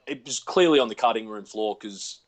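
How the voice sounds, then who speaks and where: A man's voice: fairly low pitch, brisk. An Australian man, an actor guest, casually telling self-deprecating stories over a video call from home. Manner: laid-back, self-deprecating storyteller. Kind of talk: casual chat.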